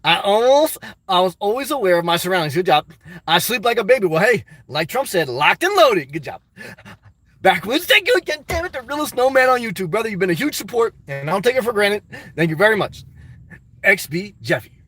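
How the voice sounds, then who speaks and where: A man live-streaming a casual vlog, reading comments aloud and answering them in an animated, repetitive, exclamatory way. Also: high-pitched, a little fast, no room sound. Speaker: YouTube vlogger answering live chat.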